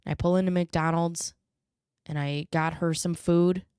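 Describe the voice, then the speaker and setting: Low, smooth-voiced woman telling a story. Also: flat delivery, unhurried, darkish tone, dry recording, studio quality. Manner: earnest, emotional retelling. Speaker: podcast host. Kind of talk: personal storytelling.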